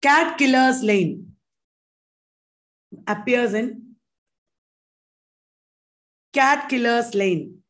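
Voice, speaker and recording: Slow-paced woman teaching. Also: on the high side. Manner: quizzing viewers, chatty, mixes in Hindi asides. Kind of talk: exam-prep online lesson.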